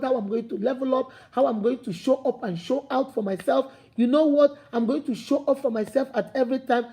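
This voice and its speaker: Her high voice is soft-edged and mellow as she gives a preachy, animated motivational talk. To drive her points home, the speaker performs the voices of imagined people.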